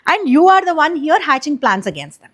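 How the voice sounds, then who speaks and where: A woman's voice: sits high, big pitch swings, fairly quick. A woman casually retelling an epic for kids, chatty and explanatory, with many fillers and restarts. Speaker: storyteller, channel host.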